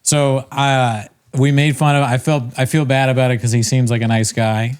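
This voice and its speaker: A man's voice: mid-range voice, level tone, clean tone. Rambling, self-mocking man telling a story. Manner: rambling, self-mocking, quick to laugh at himself. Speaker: podcast co-host. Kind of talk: casual storytelling chat.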